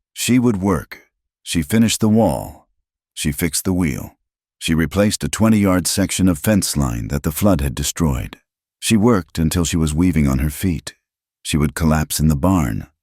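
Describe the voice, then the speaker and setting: Deep-voiced dramatic male storyteller. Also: a little mellow, no room sound, clean studio sound. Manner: dramatic, emphatic. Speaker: narrator.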